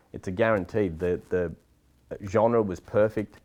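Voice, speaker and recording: A man's voice: on the low side, unhurried, dull audio. A middle-aged man, talking bluntly and with energy in a casual interview about filmmaking. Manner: blunt, animated, swears casually. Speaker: filmmaker guest.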